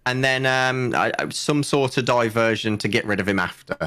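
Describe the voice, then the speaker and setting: A man plays a tabletop fantasy game with a medium-pitched voice. He talks in a halting, hesitant way, with pauses and restarts as he works out a plan. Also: a bit bright, clean tone. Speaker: player. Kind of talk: casual tabletop game play.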